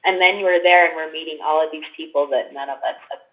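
Woman guest, casual storyteller, animated quoting, dull lo-fi recording. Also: fast. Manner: animated, acts out quotes with big pitch jumps. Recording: dull lo-fi sound.

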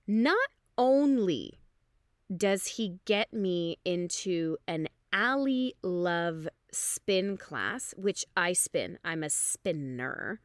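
Lively hungover woman telling a story. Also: extremely slow, no room sound, clean studio sound. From Canada. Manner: animated, acts out quoted people with big pitch jumps. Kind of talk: casual storytelling.

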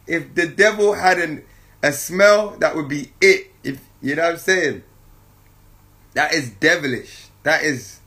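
Bright-voiced jovial man riffing. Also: fairly high pitch. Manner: jovial, laughing often, slangy and repetitive. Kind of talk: casual spiritual monologue.

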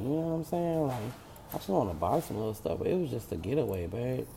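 Gravelly-voiced man telling a blunt story. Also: medium pitch, animated, fairly quick, mellow, slight background noise. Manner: blunt, profane, acts out quoted voices. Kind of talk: casual storytime.

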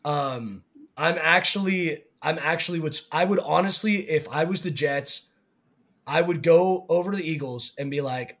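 A man co-hosting a sports podcast in casual chat, giving blunt opinions that trail off softly at the ends. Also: on the high side, normal speed. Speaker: podcast co-host.

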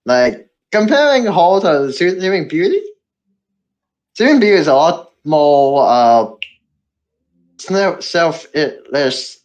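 A woman on a casual podcast, going through her points from notes with animated energy. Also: lowish voice, a little slow, lo-fi sound. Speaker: podcast co-host.

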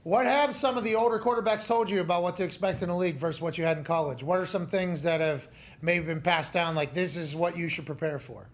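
Sports show host guy, high pitched, goes on a bit before asking stuff. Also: fast, few pauses. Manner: energetic, rambling questions. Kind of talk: sports talk show interview.

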